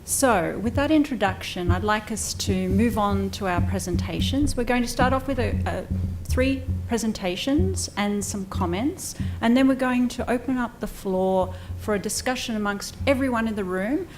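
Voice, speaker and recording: Woman briskly introducing a panel. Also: medium pitch, music in the background. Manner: brisk, lightly joking while introducing panelists. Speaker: moderator. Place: conference room with an audience.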